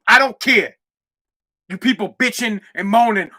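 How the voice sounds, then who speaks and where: A man hosting his own podcast, ranting loudly and profanely in a solo monologue. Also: very high voice, moderate pace. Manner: loud, profane, animated rant. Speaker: podcast host.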